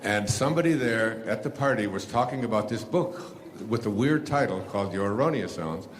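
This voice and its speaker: Low-voiced older man telling a rambling story. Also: animated, a little fast, a little hiss or hum. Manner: rambling with many fillers and restarts, laughs at himself. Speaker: speaker telling his story to an audience. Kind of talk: casual storytelling talk. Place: before a live audience.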